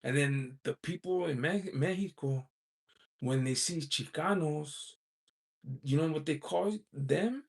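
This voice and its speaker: Gravelly, husky man rambling on a livestream. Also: on the high side, takes it slowly. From United States. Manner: rambling, with frequent "you know" asides; chuckles often while talking. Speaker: livestream host reading viewer chat. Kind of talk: casual livestream chat.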